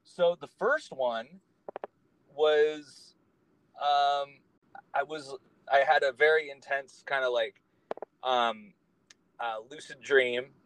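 A man's voice: mid-range voice, slow pace, long pauses, a bit bright, a little hiss or hum, poor audio. A man, a guest on a podcast, talking in a casual conversation and telling his story in an earnest, meandering way.

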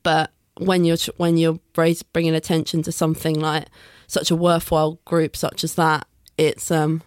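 A woman, a new newsroom colleague, speaking in a halting, appreciative way as a guest. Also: sits low, completely flat delivery, a little mellow, smooth, no room sound. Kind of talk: casual interview chat.

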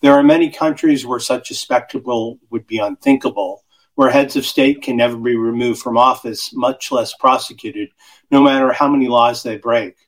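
A man on a podcast panel giving steady, essay-like prepared commentary. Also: medium pitch, moderate pace, rough recording.

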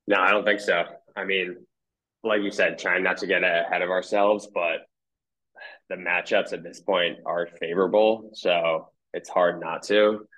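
A young man chatting as a podcast guest in an easy, filler-heavy way. His voice is very deep yet bright and forceful in tone. He keeps a flat, level delivery with little melody. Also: measured pace, rough recording. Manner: relaxed, uses many fillers. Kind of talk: casual sports chat.

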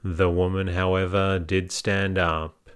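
A man calmly narrating a classic novel as a soothing bedtime sleep story. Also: deep voice, slow, smooth. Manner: calm, soothing.

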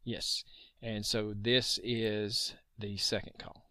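A man co-hosting a podcast, casually talking through a mystery case in an animated way and cursing now and then. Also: lowish voice, slow pace, slight background noise. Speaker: podcast co-host. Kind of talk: casual true-crime chat.

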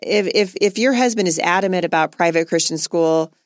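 A woman's voice: lowish voice, fairly quick, dry recording, clean studio sound. A middle-aged woman hosting a podcast, talking earnestly and conversationally and laughing easily. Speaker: podcast host.

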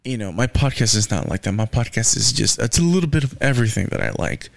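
Gravelly-voiced man rambling on his podcast. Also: mid-range voice, lively intonation, fast, dry recording. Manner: rambling, profane, says "man" and "you know" a lot. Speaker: podcast host. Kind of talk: casual solo podcast rant.

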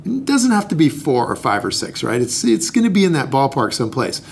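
A man's voice: medium pitch, big pitch swings, fairly quick, slight background noise. A man co-hosting a casual talk, explaining investing in a playful, jokey way. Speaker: podcast co-host teaching investing. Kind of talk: casual chat.

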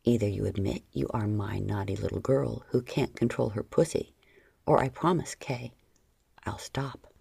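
A woman voicing a confident, stern man who talks low, slow and coaxing. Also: steady tone, vocal fry, mellow, slightly rough, dry recording, heavily acted.

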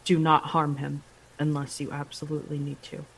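A woman playing a tabletop game who states her character's actions quickly and decisively. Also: low voice, completely flat delivery, creaky, breathy edge. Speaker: player.

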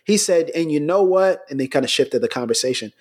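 Middle-aged American man, pastor, husky voice, storytelling chat, laughs between points. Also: on the high side, expressive, a little fast, darkish tone. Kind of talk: conversational podcast storytelling.

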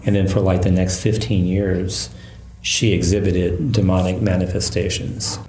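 A man who is a Catholic priest and exorcist, calmly recounting a case in an interview. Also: low-pitched, slight background noise. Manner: calm, measured storytelling. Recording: echoey room.

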